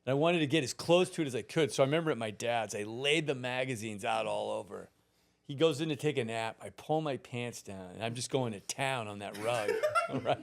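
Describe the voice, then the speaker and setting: Animated, laughing man around sixty. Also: medium pitch, brisk, creaky, slight background noise. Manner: animated, profane, laughs through his stories. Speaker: podcast guest. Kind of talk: casual storytelling.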